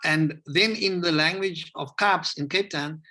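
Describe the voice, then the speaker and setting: A South African man talking in a relaxed, rambling way and acting out the voices of people he quotes, as a guest on a video call interview. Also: fairly high pitch, unhurried. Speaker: hip hop educator, interview guest. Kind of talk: casual interview conversation.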